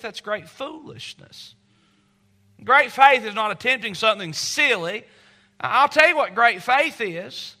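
Middle-aged pastor guy preaching, high bright voice, tells stories with lots of drama. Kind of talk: sermon.

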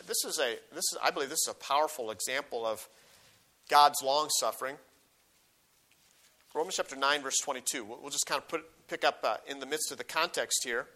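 Male preacher, high and bright, scripture reading with emphasis, sermon delivery. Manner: reads scripture aloud with rising emphasis, then explains; frequent restarts and repeated words.

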